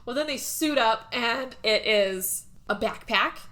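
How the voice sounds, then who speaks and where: Woman, podcast host; bright, punchy voice; loose, giggly movie recap, cusses freely. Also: on the high side, takes it slowly. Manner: laughs often, swears freely.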